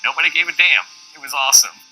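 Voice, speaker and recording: A man's voice: on the high side, fast, sharp tone, faint music behind, rough recording. A man in a documentary interview, speaking casually and with amusement.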